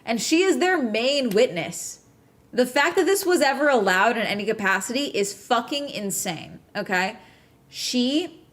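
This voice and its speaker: A woman talking casually on a podcast, swearing freely and breaking off to ask "okay?" as she retells a story. Her delivery is animated and quick to jump between details. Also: mid-range voice. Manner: animated, profane, frequent "okay?" check-ins. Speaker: podcast host. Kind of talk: casual chat recapping a true-crime documentary.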